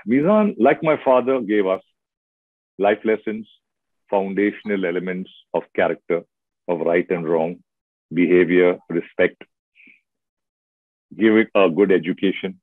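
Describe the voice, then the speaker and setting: A middle-aged man with an Indian English accent speaks in a fairly low voice and chats with expressive, story-driven energy. The sound is dry and close, with no room around it, and thin and tinny like a phone line. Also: dry recording. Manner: expressive, storytelling, lively asides. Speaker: actor guest. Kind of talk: casual interview chat.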